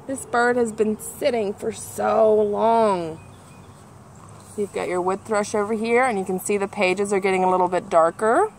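A woman reading a children's picture book aloud as a nature center educator, animated and imitating bird calls as she points out the pictures. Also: mid-range voice, unhurried, a little hiss or hum.

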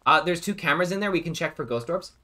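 A male game streamer whose voice swings up and down in lively bursts of excitement. He commentates live play, turning often to talk to his viewers at his desk mic. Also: a little high, fast. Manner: animated, excitable, addresses viewers.

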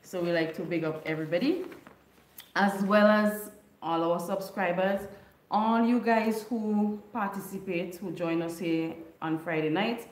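Woman, livestream host, unhurried chatty delivery, echoey room. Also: on the low side, steady tone. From Caribbean island. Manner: chatty, greets viewers by name, laughs often. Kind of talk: casual livestream chat.

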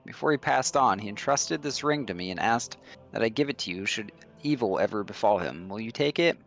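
A man voicing a sly stranger who speaks in a measured, knowing way. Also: fairly low pitch, expressive, vocal fry, a bit bright, faint music behind. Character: sly male stranger with a ring.

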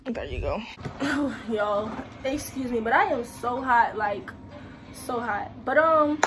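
Hoarse teen girl vlogging, out of breath. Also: a little high, lively intonation, takes it slowly, background noise. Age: late teens. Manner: chatty, talks straight to viewers. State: hoarse, voice worn from cheering. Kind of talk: casual vlog chat.

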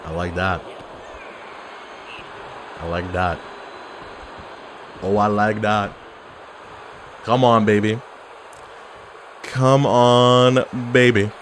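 A man giving casual, animated commentary while playing an online wrestling game, yelling at his opponent and cracking jokes. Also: lowish voice, extremely slow, long pauses, slight background noise. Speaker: gaming YouTuber.

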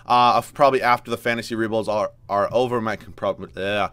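A man commentating his own basketball video game as he plays, swearing, groaning and yelling at bad plays. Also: on the low side, steady tone, a little fast, no room sound. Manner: frustrated, loud outbursts at the game. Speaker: gaming YouTuber. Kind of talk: live gameplay commentary.

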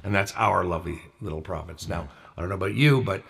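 A man's voice: low voice, quick pace, creaky, fairly bright tone. A man co-hosting a casual talk show, reading out facts and list items and chuckling often. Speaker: co-host.

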